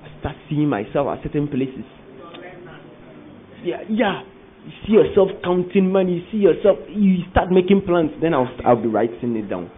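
A preacher with a high, ringing voice works through his sermon, hammering home the same question again and again. The sound is thin and tinny, like it was captured over a phone line. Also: expressive, normal speed. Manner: emphatic preaching with repeated questions to the congregation. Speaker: pastor.

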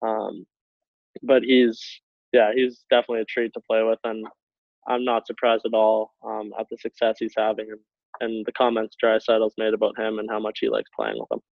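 A young man, a hockey player, telling a story in a rambling casual way, full of likes and quick laughs. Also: lowish voice, gravelly, no room sound. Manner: rambling, many likes, laughs between phrases. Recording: tinny phone-like line, dry.

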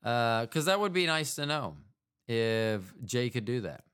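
A man's voice: mid-range voice, big pitch swings, a little slow, a bit bright, clean tone. A man from the United States hosting a podcast, talking in a meandering, self-mocking monologue that keeps trailing off into asides. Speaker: podcast host. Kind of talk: rambling casual monologue.

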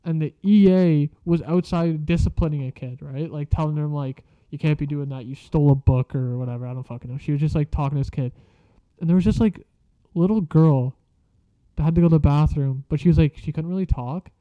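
Young man, casual vlog storyteller, swears constantly, slangy and rambling, slightly raised pitch, dry muffled lo-fi sound. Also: steady tone, brisk, clean tone, no echo.

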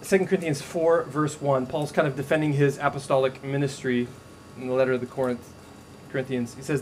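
A man preaching a sermon as a pastor, telling stories in a casual, animated way with frequent restarts. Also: mid-range voice, brisk, a little hiss or hum, rough recording.

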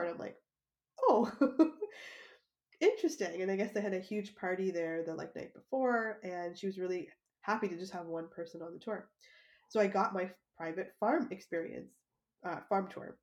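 A woman hosting her own podcast, telling a personal story in a loose, conversational way. Her voice sits at an ordinary, mid-range pitch for a woman. She laughs easily and often and strings her thoughts together with "like" and "um". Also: moderate pace, a little mellow. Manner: chatty, laughs often, lots of "like". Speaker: podcast host. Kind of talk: casual storytelling monologue.

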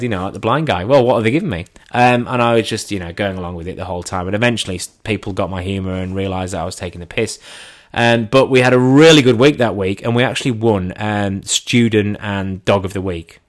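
An English man in his thirties telling comic stories in a dry, self-mocking way, swearing casually. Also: lowish voice. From England. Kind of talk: comic storytelling.

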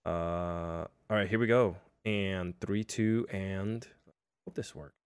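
A man's voice: sits low, slow pace, clear, resonant tone, no echo, studio quality. A young man hosting a casual livestream, chatty and self-deprecating, with lots of fillers. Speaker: livestream host.

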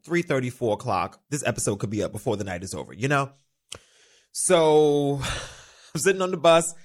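A man hosting his own podcast, telling a story in a casual, campy, animated way with frequent swearing. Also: medium pitch. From New York. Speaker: podcast host. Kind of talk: casual solo podcast chat. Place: studio.

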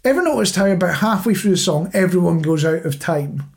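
A man's voice: high-pitched, lively intonation, brisk, vocal fry. A man co-hosting a podcast in casual chat, rambling and self-mocking as he tells stories. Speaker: podcast co-host.

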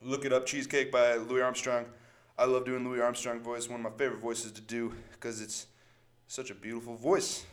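A man hosting a casual podcast, rambling and joking, often trailing off and talking low and quiet. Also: little pitch movement, moderate pace. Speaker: podcast host.

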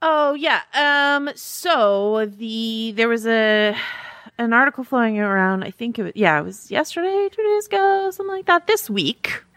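A woman co-hosting a podcast in casual chat, animated and chatty, laughing often as she reads listener reviews. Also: on the high side, normal speed, no echo, clean studio sound. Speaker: podcast co-host.

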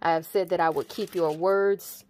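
A woman's voice: lowish voice, steady tone, normal speed, a little mellow. A woman reading Bible verses aloud and breaking off to explain them in casual asides. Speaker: preacher reading scripture. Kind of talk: informal Bible reading with commentary.

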